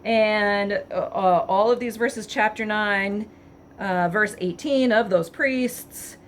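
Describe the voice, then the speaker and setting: A woman's voice: medium pitch, slow pace. Woman, casual vlog commentary, wry and chatty, faint background noise. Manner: wry, chatty, laughs at the text. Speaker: vlogger.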